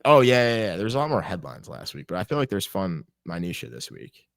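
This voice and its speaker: A young man with a deep voice that swings widely in pitch as he jokes around. He teases his co-host and jumps in quickly. The recording is dry and close. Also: very animated, gravelly, no echo. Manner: playful, quick interjections and teasing. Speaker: podcast co-host. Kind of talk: casual chat.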